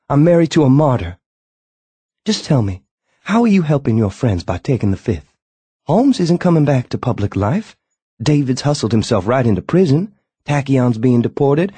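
Bitter, shrill young wife, pitched up high by a male narrator, husky edge, dry sound. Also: huge pitch swings, moderate pace, mellow, dry recording, exaggerated voice. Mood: sarcastic. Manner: pleading, then sarcastic and shrill. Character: a man's wife, a young adult woman, pleading and bitter.

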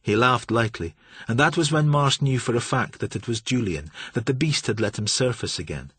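Husky guy narrating an audiobook, steady, dry close sound. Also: medium pitch, moderate pace, no room sound.

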